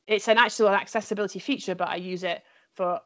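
A woman's voice: mid-range voice, steady tone, fast, a bit bright, no echo. A woman language teacher, chatting enthusiastically with lots of fillers and restarts. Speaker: French teacher. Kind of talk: casual conversation.

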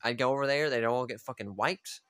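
Here the strategy gamer speaks at medium pitch, a touch fast, with a slightly bright, smooth sound on a dry recording. He keeps up a loose, profane running chat while directing his units aloud.

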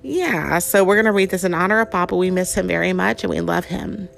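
A woman reading a picture book aloud to a child at home, telling the story expressively and pausing to ask him questions. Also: lowish voice, vocal fry, faint music behind.

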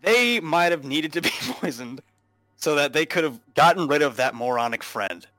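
A man's voice: on the high side, lively intonation, moderate pace, bright, forceful tone, no echo, low-quality recording. A man in a casual chat, tossing in joking asides.

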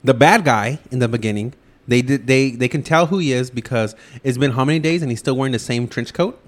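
A man's voice: mid-range voice, a little fast. A man co-hosting a casual podcast movie review, talking in a blunt, cynical and profane way. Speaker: podcast co-host.

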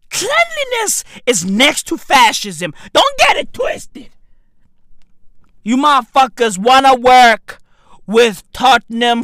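High-pitched ranting man, lively swings. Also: no room sound, studio quality. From South Africa. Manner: loud profane ranting, mocking. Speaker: comedian ranting. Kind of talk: comedic rant.

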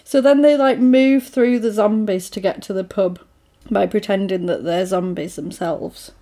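A woman in casual chat, recapping a film with animated storytelling and frequent laughs. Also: medium pitch, normal speed.

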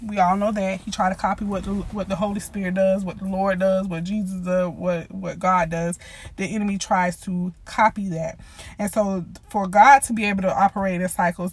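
A woman's voice: medium pitch, no room sound. A woman preaching casually on her own podcast, slightly out of breath, talking informally between scripture and prayer. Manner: informal, prays aloud with repeated "Father God". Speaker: podcast host and lay preacher. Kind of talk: casual devotional podcast sermon.

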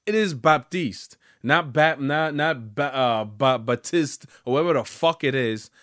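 A man's voice: mid-range voice, animated, moderate pace, fairly bright tone. A young man ranting casually as a gaming vlogger, rambling and profane.

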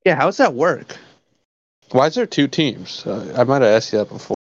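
A man's voice: medium pitch, sing-song, normal speed, no echo. A man co-hosting a podcast, chatting in a laid-back, joking way. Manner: laid-back, laughing, swears when quoting. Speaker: podcast co-host. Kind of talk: casual chat. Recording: dry, dull lo-fi sound.

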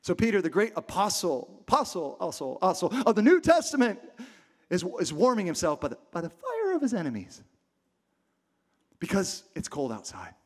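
High-voiced preacher acting out scripture. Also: male voice, huge pitch swings, moderate pace. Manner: dramatic, acts out the story in voices, builds to passionate peaks. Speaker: pastor. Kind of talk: sermon. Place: church hall with a live congregation.

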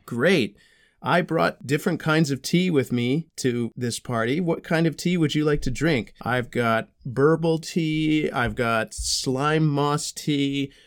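A man's voice: fairly high pitch, slow. A man voicing a friendly, goofy young male dragon in playful role-play with a child, cheery and giggly. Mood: cheerful. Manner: cheery, giggly, rambling about made-up snacks.

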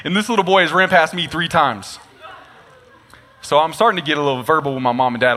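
A young man preaching a sermon, telling a comic story with lively asides. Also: on the high side, fast talker, pauses often, a little hiss or hum. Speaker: pastor. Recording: long reverb of a large hall.

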